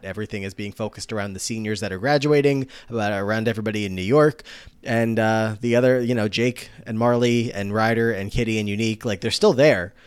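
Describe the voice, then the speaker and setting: A man's voice: lowish voice, smooth, no room sound. A man co-hosting a podcast, musing about a show in casual talk, winding through his thoughts with restarts. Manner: rambling, many fillers and restarts. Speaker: podcast co-host. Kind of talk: casual analytical chat.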